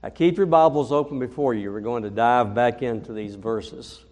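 A man preaching a sermon, telling a story and reading scripture in a deliberate way, rising to booming emphasis at key points. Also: darkish tone. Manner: slow, deliberate, builds to booming emphasis in stories. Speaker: pastor. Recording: long reverb of a large hall.

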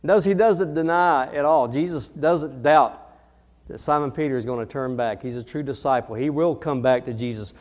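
A man preaching a sermon as pastor, earnest, leaning slowly on key phrases. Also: mid-range voice, darkish tone, big-room sound.

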